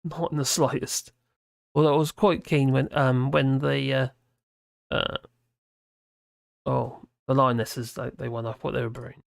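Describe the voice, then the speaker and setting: A live streamer who is worn out and mumbling, with a gravelly, creaky voice. The sound is dry and close, with no room around it. Talks casually, rambling and restarting while reading out comments. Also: mid-range voice, steady tone, no echo. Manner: rambling, halting, with many restarts. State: tired and mumbling.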